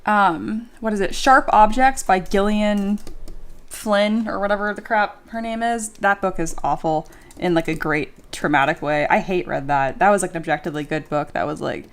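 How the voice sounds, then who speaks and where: A woman streamer chatting casually during a livestream and reading viewer comments aloud, animated and full of filler words, often giggling. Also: mid-range voice, normal speed. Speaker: streamer and miniature sculptor.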